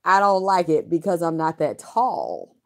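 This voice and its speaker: Low-voiced middle-aged woman, frank and rambling. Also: big pitch swings, measured pace. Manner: frank, rambling, salty, with profanity. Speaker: vlogger. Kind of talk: candid personal storytelling.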